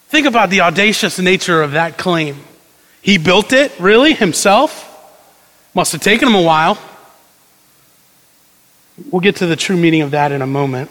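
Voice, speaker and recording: A man's voice: high-pitched, expressive, normal speed, a bit bright, long reverb tail, low-quality recording. A man preaching a sermon in a conversational way, acting out quoted prayers and tossing asides to the congregation. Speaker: pastor.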